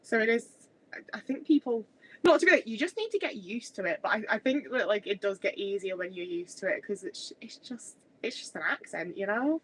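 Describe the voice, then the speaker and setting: A woman's voice: mid-range voice, animated, a little fast, poor audio. A woman in her thirties with a mixed Midlands and Scouse accent, chatting casually on a livestream from home and rambling with many restarts. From Stoke, English Midlands. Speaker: livestream host. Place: home kitchen area. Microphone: webcam mic, moving away while cooking.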